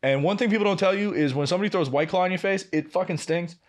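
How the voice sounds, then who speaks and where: A man in his twenties co-hosting a podcast, telling a work story in a casual, profane, animated way. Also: high-pitched, quick pace. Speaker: podcast co-host.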